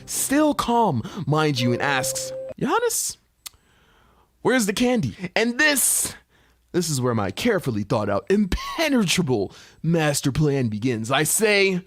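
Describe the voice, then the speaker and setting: A young man narrating a comedic storytime in an expressive, playful way with slang. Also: on the high side, unhurried, soft background music.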